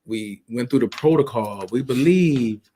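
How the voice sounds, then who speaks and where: A man, a pastor, reflecting softly in a casual church conversation. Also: mid-range voice, expressive, unhurried.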